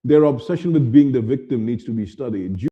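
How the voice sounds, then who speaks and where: A man's voice: mid-range voice, a little fast, dull audio. Man ranting with a swooping voice. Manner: animated, slips into mocking voices, calls himself by name. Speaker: channel host. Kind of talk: opinion monologue.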